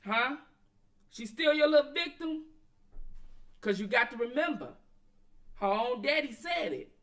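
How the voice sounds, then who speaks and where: A woman's voice: sits high, expressive, measured pace, a bit bright. A woman hosting a casual commentary stream, blunt and profane, talking straight back to her chat. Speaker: commentary channel host.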